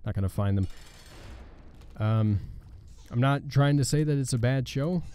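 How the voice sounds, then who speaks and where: Over gameplay on his gaming channel, a man chats in a rambling way, with hesitant, sarcastic remarks. He has a clear, warm, resonant voice at medium pitch.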